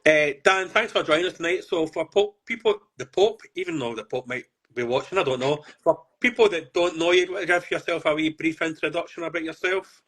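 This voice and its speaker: A man hosts a podcast in relaxed, jokey banter that wanders off on tangents. His voice is husky and a bit higher than most men's. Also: fairly quick, few pauses. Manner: joking, rambling banter. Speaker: podcast host. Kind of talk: casual podcast chat.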